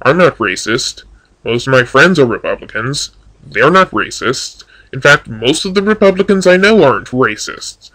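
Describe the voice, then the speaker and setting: Dude with an average voice making dry sarcastic comebacks. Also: male voice, medium pitch, very animated, normal speed, pushed and bright, low-quality recording. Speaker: YouTube commentator. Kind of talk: casual rebuttal commentary.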